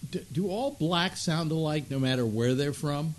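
A man hosting a casual talk show, speaking haltingly with many restarts and posing provocative questions. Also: fairly high pitch, background noise. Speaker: host.

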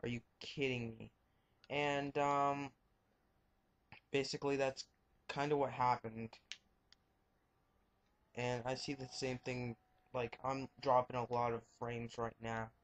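A man's voice: mid-range voice, little pitch movement, takes it slowly, long pauses. A young man giving rambling, frank commentary over his gameplay and muttering reactions as he plays. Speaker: let's play gamer. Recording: dull lo-fi home mic.

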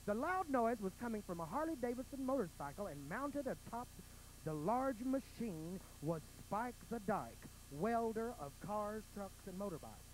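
Casting: male drag queen, very high voice, campy storybook narration, faint stage noise. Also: expressive, a little slow, poor audio. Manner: mock-sweet fairy-tale narration with campy emphasis. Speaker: drag performer. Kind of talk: bawdy comic storytelling on stage. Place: pageant stage.

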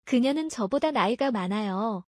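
A woman reads lesson translations in a brisk, plain voice, moving very quickly. Her voice is fairly high, recorded close and dry. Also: animated, dry recording. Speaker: Korean translation reader. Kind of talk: reading phrase translations for a lesson.

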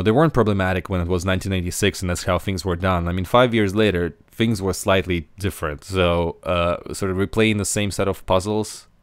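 A man's voice: low-pitched, smooth, no echo. A man hosting a casual podcast discussion, talking with many fillers and restarts. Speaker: podcast host.

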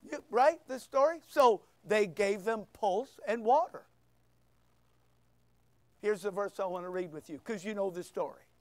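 Pastor, male, very high voice, slow deliberate sermon delivery with loud bursts. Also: no room sound. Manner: emphatic preaching with sudden loud bursts and quiet asides.

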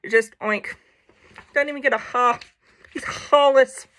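A woman's voice: on the high side, normal speed, background noise. A woman casually reading a children's picture book aloud, playful, with jokey asides and animal noises.

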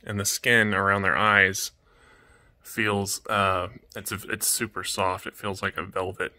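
Man, casual home vlog, gentle and soft-spoken, bright forceful tone, lowish voice. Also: level tone, measured pace. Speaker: vlogger, toucan keeper. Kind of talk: casual vlog talk to pets and viewers. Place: indoors at home with pet birds.

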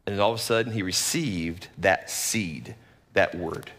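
A man, a lead pastor, giving a conversational sermon in an animated, folksy way with joking asides. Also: low-pitched, a little slow, long reverb tail.

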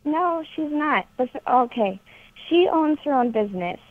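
A woman's voice: high voice, lively intonation, measured pace, dry recording. An eighteen-year-old woman calling in to a radio advice show, giving short, girlish, matter-of-fact answers. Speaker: caller. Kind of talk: phone call to a radio show. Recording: tinny phone line.

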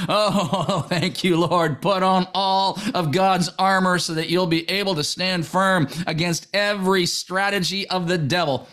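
High-voiced fervent male preacher. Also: a little slow, hardly any pauses, a bit bright. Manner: impassioned, repeating phrases, rising into exclamations. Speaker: preacher making prayer decrees. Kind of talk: fervent prayer and sermon.

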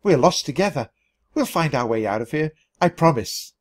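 A man reading a children's storybook aloud and voicing a timid, fussy male mouse who is easily scared and talks in a nervous squeak. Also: expressive, normal speed. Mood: anxious.

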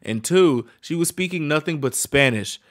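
A man's voice: on the high side, lively intonation, moderate pace. Man, casual reaction chat, rambling, swears a lot, joking. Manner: rambling, profane, joking asides. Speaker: co-host.

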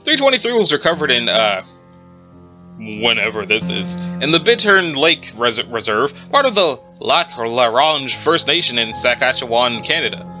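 A man's voice: medium pitch, very animated, moderate pace, sharp tone. A man, the host, reading horror entries aloud with chatty asides and a slightly strained throat. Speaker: reader and host. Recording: dull lo-fi with music behind.

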